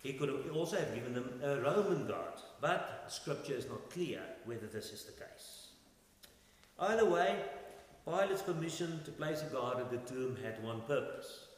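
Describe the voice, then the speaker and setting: Male preacher, mid-pitched, dramatic sermon delivery, long church reverb. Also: expressive, moderate pace. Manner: dramatic swings in loudness, rhetorical questions. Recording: echoey hall with long reverb.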